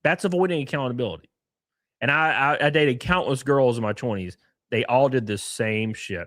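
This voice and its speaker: A man's voice: medium pitch, brisk, no echo, clean studio sound. A man in his thirties hosting a live stream, giving blunt, profane reaction commentary and talking straight to his chat.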